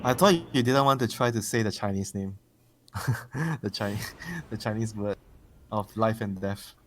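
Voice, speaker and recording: Blunt, excitable man casting esports. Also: lowish voice, measured pace, slight background noise. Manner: blunt and teasing, excitable reactions. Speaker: esports caster. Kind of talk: casual play-by-play commentary.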